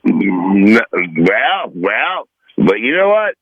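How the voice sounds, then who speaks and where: A gravelly older man in his sixties rants, combative and foul-mouthed, jumping from one grievance to the next. His voice has a rough, fried edge. It comes through dull and dry, like a muffled phone line. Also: on the low side, very animated, very slow, no room sound. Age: 60s. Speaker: regular comedic guest. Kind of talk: profane rant on a phone-in podcast.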